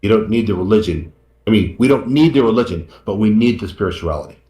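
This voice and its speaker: A man's voice: fairly low pitch, animated, quick pace, mellow. A man being interviewed as a guest author, talking earnestly and repeating his words, tearing up. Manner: earnest, repeats himself, grateful. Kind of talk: emotional interview talk. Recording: echoey room.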